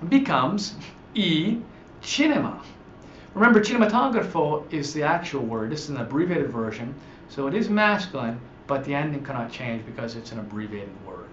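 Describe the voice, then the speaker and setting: Male language teacher, lively up-and-down delivery, patient and filler-heavy, recorded in an echoey room on a dull lo-fi mic. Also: mid-range voice, slight background noise. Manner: explains slowly, says each example word twice with many fillers. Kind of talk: recorded online lesson.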